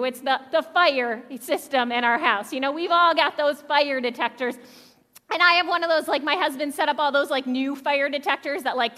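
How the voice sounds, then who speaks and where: A woman's voice: high-pitched, bright, forceful tone, in a large hall. A young adult woman pastor giving a conversational sermon, talking directly to the congregation with questions. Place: church sanctuary.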